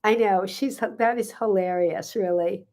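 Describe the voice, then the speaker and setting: A woman's voice: medium pitch, a little slow, darkish tone. An older woman, a gut health coach, chatting casually on a live stream, answering viewer questions with frequent fillers and laughter.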